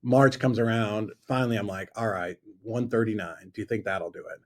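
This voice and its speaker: A man telling an animated story about his past, acting out both sides of a conversation. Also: fairly low pitch, a little fast. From Florida. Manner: lively storyteller who acts out both sides of dialogue. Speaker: guest investor telling a story. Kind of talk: animated anecdote on a talk show.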